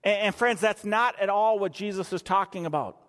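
A man's voice: high voice, normal speed, a bit bright, long reverb tail. A man preaching a sermon as pastor, emphatic and repeating phrases for stress.

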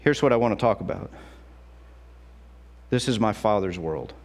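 A middle-aged pastor with a fairly low pitch preaches at a moderate pace. His delivery is animated and chatty, and he acts out quotes as he moves through the sermon.

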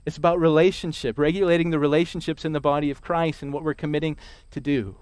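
A man preaching a sermon, emphatic, repeating key lines slowly for weight. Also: fairly high pitch, fairly even intonation, darkish tone, clean tone, dry recording. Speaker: pastor.

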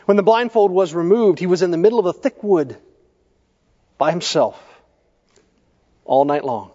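A male pastor preaching a sermon, telling stories in a measured way and putting questions to the congregation. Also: high-pitched, expressive, mellow. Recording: echoey church hall, dull lo-fi sound.

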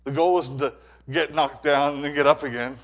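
A man preaching a sermon, animated, swinging between quiet stretches and loud, emphatic builds, often repeating words as he presses a point. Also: on the high side, brisk.

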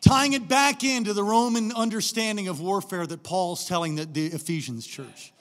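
Male preacher, high voice, animated storyteller who acts out voices; sermon style, long hall reverb. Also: normal speed. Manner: animated storytelling, acts out characters, shifts between quiet asides and shouting.

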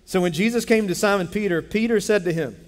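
A man preaching a sermon as pastor, telling a Bible story in an animated way and acting out its characters. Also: sits high, quick pace. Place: church sanctuary. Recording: long hall reverb.

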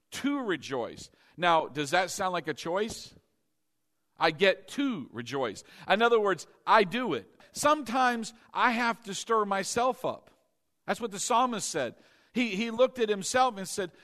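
Lively, bright-voiced preaching man. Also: high-pitched. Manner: animated, shifts between loud exclamations and soft teaching; calls for congregation responses. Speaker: pastor. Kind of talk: sermon.

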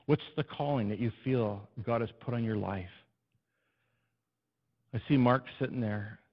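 A man's voice: mid-range voice, measured pace. Man preaching a storytelling sermon. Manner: animated, storytelling, addresses the congregation. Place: church. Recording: dull, muffled recording.

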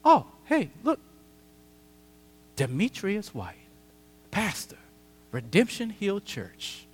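A preacher doing a sly, taunting tempter voice. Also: male voice, high-pitched, wildly swooping pitch, slight background noise, full character voice. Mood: needling. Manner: taunting, rapid-fire questions. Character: sly tempting inner voice, needling and accusing. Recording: long church hall reverb.

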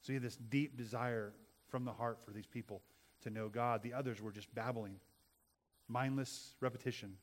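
A middle-aged male pastor delivering a sermon. He speaks earnestly, repeats key phrases for emphasis and builds to loud, forceful passages. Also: medium pitch, steady tone, moderate pace.

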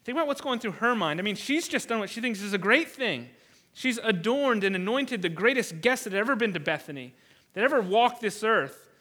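A man delivers an earnest sermon in a notably high voice. He has a bright, forceful tone, and he often repeats words and briefly acts out the voices he quotes. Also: animated, a little fast. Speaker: pastor.

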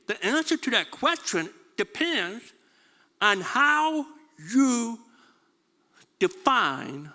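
A man's voice: high-pitched, pushed and bright, in a large hall. A man preaching a sermon, stumbling over repeated words and asking his congregation questions. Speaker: pastor.

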